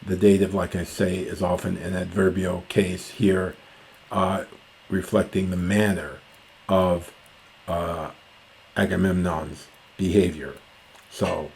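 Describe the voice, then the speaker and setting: Male lecturer, very deep and slow, hesitant delivery full of fillers, reads phrases carefully. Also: little pitch movement, vocal fry, darkish tone, slight background noise. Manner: hesitant, many fillers and self-corrections, slows to chant Greek. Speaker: classics lecturer. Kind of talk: reading and explaining ancient Greek lines.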